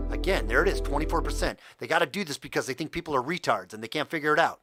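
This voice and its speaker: A man's voice: a little high, lively intonation, fast, hardly any pauses, sharp tone, husky, soft background music. A man hosting a livestream, ranting in heated, profane commentary and talking straight to his viewers. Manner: talks to the chat directly. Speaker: livestream host.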